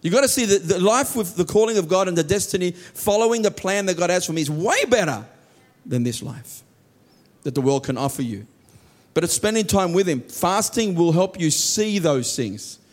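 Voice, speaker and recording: A man preaching a sermon with earnest emphasis, often dropping to soft low tones and voicing heartfelt prayers aloud. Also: lively intonation, moderate pace.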